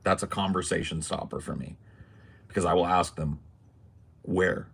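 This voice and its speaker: Podcast host, male, low husky gravelly voice, emphatic ranter who swears. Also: steady tone, brisk, a bit bright. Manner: emphatic, ranting, swears freely. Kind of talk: casual political podcast talk.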